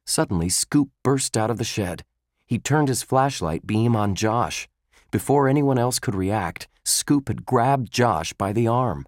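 Reading aloud from a children's chapter book, a man narrates with measured, expressive storytelling. His voice falls in the mid range, and the audio is dry and studio quality.

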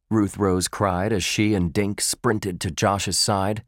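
A man narrating a children's chapter book in a measured, expressive storytelling manner. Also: lowish voice, no echo, studio quality. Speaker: audiobook narrator.

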